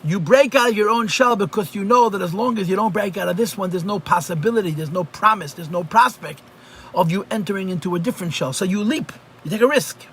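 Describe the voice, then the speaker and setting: Male rabbi, live class over a computer mic; higher-pitched, conversational, repeats himself for emphasis. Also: quick pace, a bit bright, a little hiss or hum. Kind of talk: live online Chassidus lesson. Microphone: computer mic on a video call.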